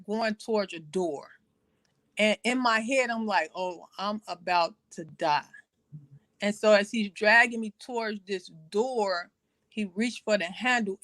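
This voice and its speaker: Halting woman telling a personal story. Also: mid-range voice, fairly bright tone, no echo. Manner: halting, full of fillers and repeated phrases; quotes others in a raised voice. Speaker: guest sharing her testimony. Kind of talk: personal testimony, story told in conversation.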